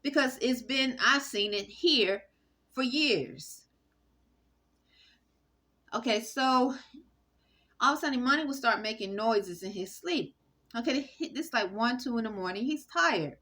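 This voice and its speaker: A woman talking straight to camera in a rambling, halting monologue full of fillers and restarts. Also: a little high, animated, pushed and bright. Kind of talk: casual spoken monologue.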